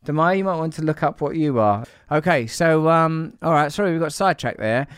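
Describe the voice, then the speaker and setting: A man's voice: on the high side, animated, a little fast, clean tone, dry recording, studio quality. A man hosting a casual podcast, rambling and jokey, teasing his co-worker and trailing off with fillers. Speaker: podcast host.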